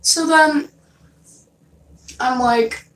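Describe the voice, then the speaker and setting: Young woman rambling through a dream story, slow and cussing, sounds echoey and far from the mic. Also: sits high, fairly bright tone, slight background noise. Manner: loose and profane, many fillers. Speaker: vlogger. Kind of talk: casual storytelling. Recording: roomy, from a distance off mic.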